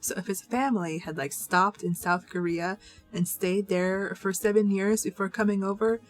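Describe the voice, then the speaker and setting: Young woman book vlogger, mid-pitch, chatty rant, faint music bed. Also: normal speed. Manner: animated, ranting, lots of "like" fillers. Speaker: book reviewer. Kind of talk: casual book wrap-up rant to camera.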